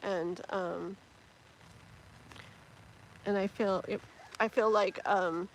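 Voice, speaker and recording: A woman's voice: medium pitch, fairly even intonation, drawn-out words, a little hiss or hum, low-quality recording. A woman giving tarot readings on a live stream, chatty and rambling with many fillers and restarts. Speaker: tarot reader.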